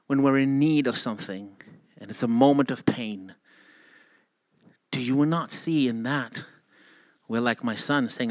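A man preaching a sermon with impassioned delivery that rises to near-shouting and then drops to soft asides. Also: medium pitch, dry recording.

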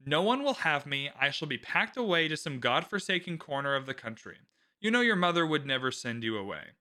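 A desperate young noblewoman, her voice low and pleading, put on by a man reading the chapter aloud. The tone is bright and ringing, and the pitch moves all over the place as she begs. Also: sing-song, a little fast, exaggerated voice.

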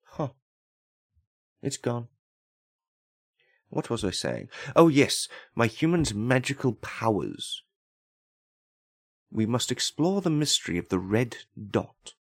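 A man's voice: mid-range voice, sing-song, takes it slowly, long pauses, dry recording, studio quality, heavily acted. A man voicing a pompous, self-important male house cat in a comedic monologue, with grand, haughty, formal speech.

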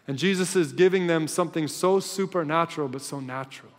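A male pastor delivering a sermon as a story. He swings between loud and hushed, and his voice sits a little high. A long hall reverb trails behind him. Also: fairly quick.

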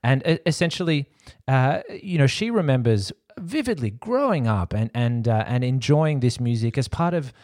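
A man's voice: medium pitch, animated, normal speed, a little mellow, no room sound, clean studio sound. A man hosting an interview, asking long, winding questions with enthusiasm. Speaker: interviewer, host. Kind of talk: conversational interview.

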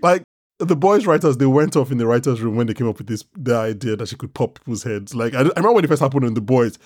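A man hosting a casual podcast, rambling and animated, swearing freely. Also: mid-range voice, quick pace, slightly rough, no echo, studio quality. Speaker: podcast host. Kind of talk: casual chat.

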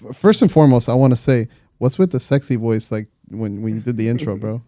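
A man chatting as a returning guest on a casual podcast, relaxed and teasing, describing things in an easy way. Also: medium pitch, fairly quick, no echo, studio quality. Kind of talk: casual chat.

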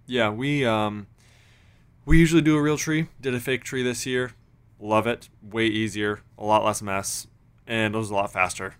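A man's voice: fairly low pitch, fairly even intonation, normal speed, clean tone. A man chatting casually as a podcast co-host, laid-back and full of fillers. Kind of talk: casual chat.

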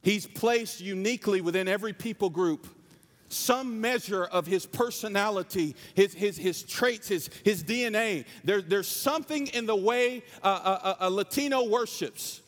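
A man's voice: sits high, moderate pace, in a large hall. A man from North Carolina preaching a passionate sermon with a Southern accent.

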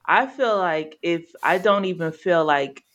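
A woman's voice: lowish voice, unhurried, a bit bright, a little hiss or hum. A woman co-hosting a casual chat with her sister, thoughtful and acting out the quotes in her stories. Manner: reflective, acts out quotes with a raised voice. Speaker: podcast co-host.

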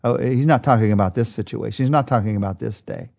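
A man's voice: medium pitch, quick pace, creaky, darkish tone. A man teaching a daily Bible study, retelling the passage in an earnest, vivid storytelling way with small restarts.

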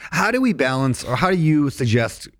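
A man's voice: a little high, very animated, moderate pace, a bit bright, dry recording, clean studio sound. A man hosting a podcast interview who asks long, rambling questions full of fillers. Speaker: podcast host. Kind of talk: conversational interview.

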